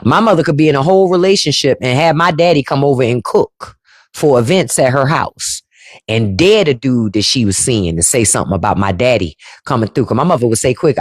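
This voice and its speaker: A woman's voice: extremely low pitch, lively intonation, brisk, no room sound. A woman hosting a casual livestream, telling stories in a blunt, profane way into a close mic. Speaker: host.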